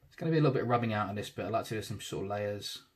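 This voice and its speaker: A man, casually talking through a digital tattoo drawing in real time, thinking aloud and trailing off softly. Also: on the low side, rapid-fire, slightly rough.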